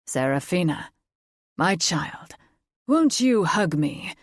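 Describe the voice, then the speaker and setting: A woman's voice: fairly low pitch, very animated, slow pace, dry recording, studio quality, exaggerated voice. A woman doing a haughty male fae noble. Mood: pleading. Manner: haughty and condescending. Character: pompous, mocking male fae noble father.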